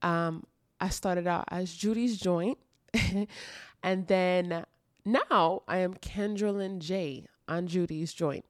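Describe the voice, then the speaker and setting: In a dark room at home, a woman hosts her own podcast, giving an intimate, confessional monologue that is emotional and earnest, with phrases repeated for emphasis. Her voice is on the low side and slow, recorded with clean studio sound and no echo.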